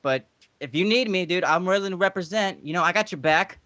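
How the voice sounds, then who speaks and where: A man's voice: sits high, brisk, sharp tone, no echo. A man doing a comic impression of a swaggering older male wrestling manager who talks in street slang. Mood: easygoing. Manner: streetwise slang, calls people dog and player.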